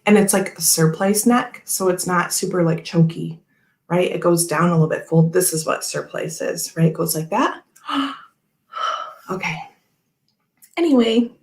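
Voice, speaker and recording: A woman hosts a relaxed tarot livestream, reading viewer comments in a chatty, giggly ramble. Her voice carries a gravelly fry and an unhurried pace. The room around her sounds echoey. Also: on the low side. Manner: chatty and giggly, many fillers like "like" and "okay, anyway".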